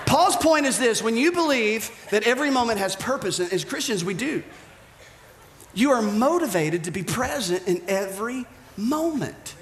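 A man preaching a sermon as pastor, animated, dropping to hushed whispers and rising to shouted emphasis. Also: extremely high pitch, normal speed, reverberant.

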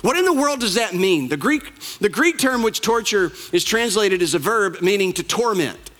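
High-voiced preaching man. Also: big pitch swings, moderate pace, a bit bright. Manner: emphatic, repetitive preaching with rising intensity. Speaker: pastor. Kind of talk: sermon.

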